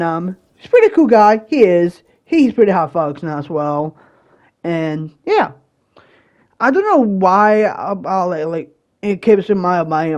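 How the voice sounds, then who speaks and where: Slow, rambling young man telling a story. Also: high-pitched, muffled recording. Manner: rambling, full of fillers and restarts, rises to loud exasperation at times. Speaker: channel host. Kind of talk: casual storytelling commentary.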